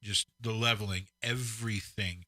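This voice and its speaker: Brief: middle-aged male co-host, measured and reflective, very bright and forceful tone. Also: lowish voice, fairly even intonation, dry recording. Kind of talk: casual chat.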